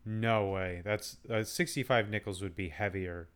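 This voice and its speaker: A man with a somewhat low voice co-hosts a relaxed podcast. He thinks out loud, stumbles over a restart now and then, and keeps a wry edge to his replies. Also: unhurried, clear, resonant tone. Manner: wry, reasons aloud with some restarts. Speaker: podcast co-host. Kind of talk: casual chat.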